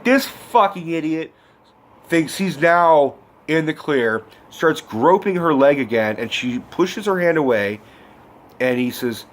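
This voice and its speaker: A man in his twenties ranting about a movie in a casual vlog, swearing often and breaking into loud exclamations. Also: fairly high pitch, takes it slowly. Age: 20s. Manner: animated, swearing, bursts of shouting. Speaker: vlogger. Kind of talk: profane movie rant.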